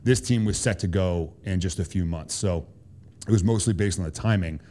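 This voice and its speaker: Boston-accented man telling stories, low mellow voice. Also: normal speed. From Boston, USA. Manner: animated storyteller, swears freely, peppers speech with "like" and "right?". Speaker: podcast guest, Army Special Forces officer. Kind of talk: casual storytelling interview.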